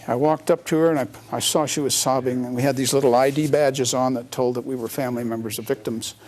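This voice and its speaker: This is a middle-aged man speaking in an interview. His voice sits at an ordinary, middle pitch. He recounts a personal story in an earnest, reflective way. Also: fairly even intonation, quick pace, darkish tone. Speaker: interview guest, author.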